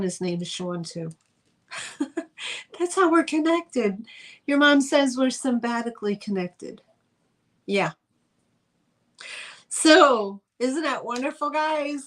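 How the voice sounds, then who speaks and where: A woman hosting a casual live-stream vintage sale, chatty and rambling with lots of fillers. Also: a little high. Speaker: host selling vintage items.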